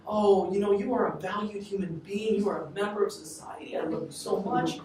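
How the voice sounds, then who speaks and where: A man's voice: sits high, fairly even intonation, brisk, a little mellow, slight background noise, voice pushed up, close to an everyday voice. A man voicing a flustered mother who stammers out apologies and reassurance, in an echoey room from far off. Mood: gushing apologetic.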